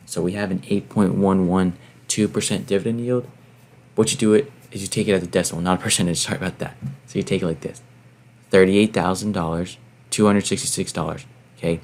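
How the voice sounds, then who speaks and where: A man's voice: sits low, a little mellow. A man hosting his own channel, walking through calculations step by step and urging viewers on in a motivational way. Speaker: finance channel host. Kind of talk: explaining to camera.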